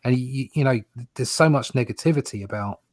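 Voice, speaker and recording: A man's voice: medium pitch, a little fast, no echo, clean studio sound. A man co-hosting a casual comics podcast, rambling and repeating words as he makes his points. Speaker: co-host.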